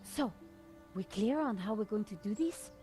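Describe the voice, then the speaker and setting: A woman's voice: medium pitch, expressive, normal speed, mellow, soft background music, close to an everyday voice. An actress voicing a confident, dry-witted female journalist from France in a game.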